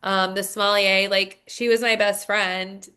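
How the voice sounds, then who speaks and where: A woman co-hosts a podcast, swapping stories in a relaxed chat packed with fillers like "like" and "um." Her mid-range voice stays fairly flat in pitch and moves at an unhurried pace. The tone is sharp and clean.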